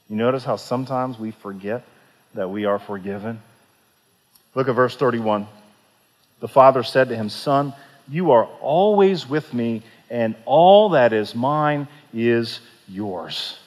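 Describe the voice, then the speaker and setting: A pastor preaching a sermon, retelling a parable with earnest rhetorical questions and soft, pleading quoted lines. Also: male voice, on the high side. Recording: long reverb of a large hall.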